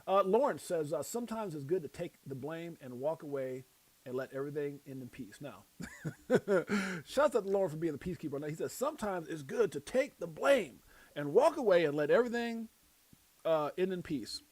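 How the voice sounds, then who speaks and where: A man with a Brooklyn accent hosting a casual crypto livestream, reading out motivational quotes and breaking into loud shouts and laughter. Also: on the high side, lively intonation, normal speed, dry recording. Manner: reads out quotes and preaches motivational sayings.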